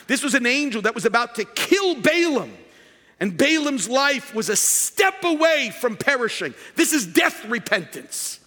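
A man delivers an animated sermon from the pulpit, his voice high and bright. He pushes up to shouts to drive points home. The sound carries a long reverb from a large sanctuary. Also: normal speed. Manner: animated preaching, rising to shouts for emphasis. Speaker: pastor.

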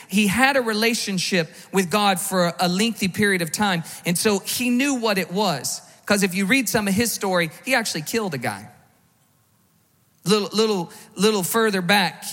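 A man's voice: sits high, fairly bright tone, big-room sound. A man preaching a sermon as pastor, conversational, with rhetorical questions and frequent restarts. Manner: repeats words when restarting.

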